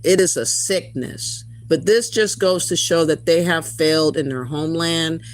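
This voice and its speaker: A man's voice: fairly high pitch, normal speed, no echo. A man hosting a livestream, reacting to a clip and reading chat in an indignant, ranting way. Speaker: commentary host. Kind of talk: livestream commentary.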